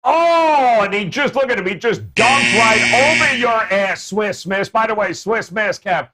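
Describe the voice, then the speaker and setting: A man's voice: sits high, lively intonation, a little slow, over loud music. A man hosting a sports betting show, joking and hyping up his panel with playful banter. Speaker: host.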